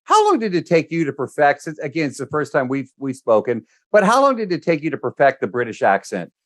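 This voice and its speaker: Lively, effusive male interviewer. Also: fairly high pitch, brisk. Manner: enthusiastic, effusive. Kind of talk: interview questions.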